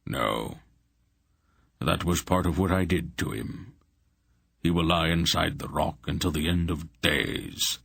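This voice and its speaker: A man reading an audiobook, voicing a stern old sorcerer who speaks grimly and in a measured way. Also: very deep voice, vocal fry, fairly bright tone, breathy edge, no room sound, studio quality, full character voice. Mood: grim gentle. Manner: grim, measured. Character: ancient stern old male sorcerer, grim.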